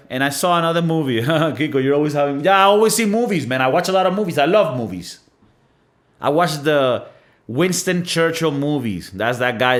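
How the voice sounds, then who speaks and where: Blunt, cussing man from Venezuela. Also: mid-range voice. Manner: blunt, profane, emphatic with lots of fillers. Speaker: podcast host. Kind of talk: casual monologue.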